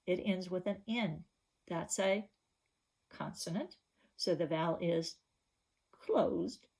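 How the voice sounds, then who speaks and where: A woman teacher takes a reading lesson for young children slowly and patiently. She keeps prompting the class with questions and waits for their answers. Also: lowish voice, creaky, a little mellow, breathy edge.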